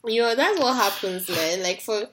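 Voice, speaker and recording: A woman's voice: medium pitch, animated, measured pace, a crowd in the background. A young woman co-hosting a podcast, chatting casually about a TV show in laid-back, slangy banter and laughing a lot. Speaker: podcast co-host. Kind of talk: casual chat recapping a TV show.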